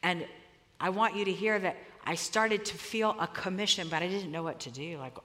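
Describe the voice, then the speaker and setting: A woman's voice: on the low side, normal speed, a bit bright. A middle-aged woman giving a sermon, telling a personal story in a conversational, emphatic way. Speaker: preacher. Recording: long hall reverb.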